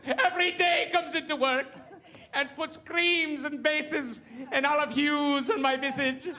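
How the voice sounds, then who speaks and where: A man's voice: very high-pitched, fairly even intonation, measured pace, a crowd in the background, pitched above the performer's own voice. A man doing a pompous weepy TV interviewer. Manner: grandiose, flowery, over-emotive speech. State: tearful, breaking down. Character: pompous older male TV interviewer, tearful and self-adoring.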